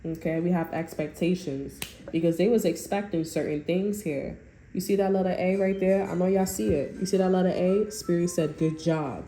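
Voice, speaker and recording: Low-voiced woman giving a blunt tarot reading. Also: steady tone, normal speed. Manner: blunt, swears, quotes people in raised voice. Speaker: tarot reader. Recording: roomy sound with faint music.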